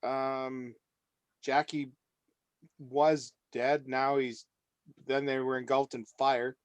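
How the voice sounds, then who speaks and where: Slow, halting male player. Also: mid-range voice, flat delivery, smooth, no echo, dull audio. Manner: hesitant, halting speech. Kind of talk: casual tabletop play.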